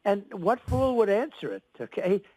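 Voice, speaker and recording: A man's voice: sits high, very animated, normal speed, a little mellow, no room sound, rough recording. An older man answering interview questions in a boastful, repetitive, rambling manner. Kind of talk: radio interview.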